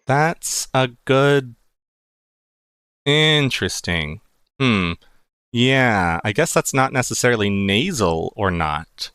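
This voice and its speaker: A man's voice: mid-range voice, lively intonation, slow, pauses often, fairly bright tone, clear, resonant tone, no room sound, clean studio sound. A man, a game master, casually thinking aloud about how he voices characters. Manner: thoughtful, thinking aloud with restarts.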